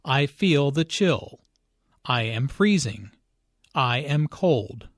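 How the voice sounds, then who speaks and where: A man narrating a scripted English lesson in a slow, clear, even delivery. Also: medium pitch, no room sound, clean studio sound. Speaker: English teacher.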